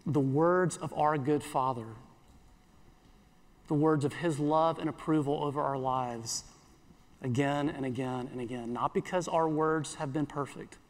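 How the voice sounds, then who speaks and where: A pastor giving an earnest sermon in church, repeating phrases and slowing down for scripture. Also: male voice, a little high, long reverb tail.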